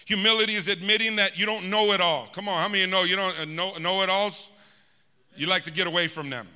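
A pastor delivers a sermon in a high, very bright, forceful voice, calling on his congregation for amens. He moves between loud exclamations and hushed, quiet passages, his intonation fairly even, his pace fast, and his tone clear and resonant. The long reverb of a large hall rings around his voice.

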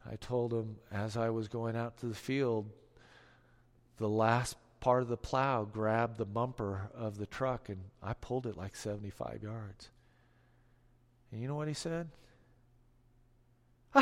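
A middle-aged man preaching a sermon, telling stories that swing from hushed asides to forceful declarations. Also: lowish voice, normal speed, long reverb tail. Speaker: pastor.

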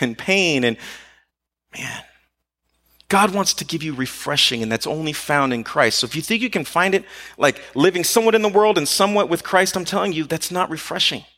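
A man preaching a conversational sermon, animated, asking rhetorical questions and acting out quotes. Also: a little high.

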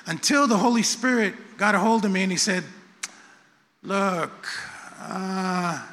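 This middle-aged pastor speaks fast in a high, slightly bright voice as he preaches in a church sanctuary. The sermon is conversational and repetitive, sprinkled with self-deprecating remarks, and the long echo of the church hall hangs over everything.

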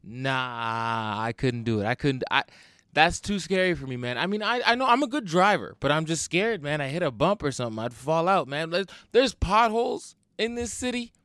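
A man's voice: a little high, big pitch swings, moderate pace, fairly bright tone, smooth, no echo, studio quality. A young man, hosting a solo podcast and ranting in a rambling, profane way with lots of "like" and "man". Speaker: podcast host.

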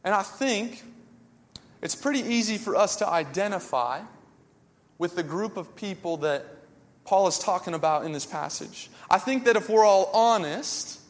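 A man with a notably high voice preaches a sermon, telling self-mocking stories with humor. His words ring out with the long reverb of a large hall. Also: expressive, normal speed. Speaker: pastor.

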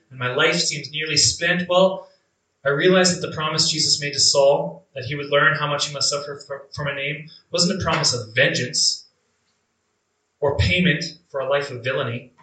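A man's voice: fairly high pitch, pushed and bright. A man playing a devout early believer who is imprisoned, beaten and blinded, telling his story in an earnest, reflective dramatic monologue. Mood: resolute. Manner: earnest, reflective, with drawn-out emphatic phrases. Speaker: actor in a first-person monologue. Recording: echoey room, mic at a distance.

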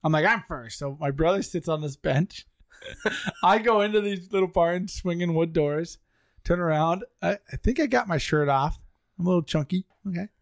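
This podcast co-host has a high, gravelly voice and speaks at a moderate pace, captured in clean studio sound with no room sound. He animatedly tells friends a funny story, laughing through it.

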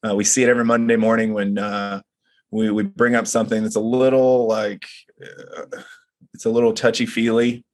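Earnest man with a lowish voice. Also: level tone, normal speed. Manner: earnest, reflective storytelling. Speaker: men's group leader. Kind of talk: casual chat.

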